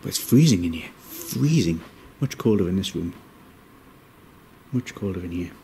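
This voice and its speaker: A man giving ghost-hunting vlog commentary, moving between hushed asides and raised calls to spirits in a cold indoor room. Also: low voice, lively intonation, normal speed, creaky, slight background noise. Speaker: paranormal investigator.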